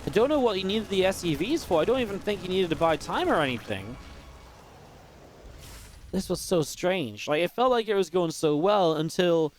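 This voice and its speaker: A man giving live play-by-play commentary on a strategy game match, quick and excitable, with restarts and filler words. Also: high voice, a little hiss or hum. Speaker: esports caster.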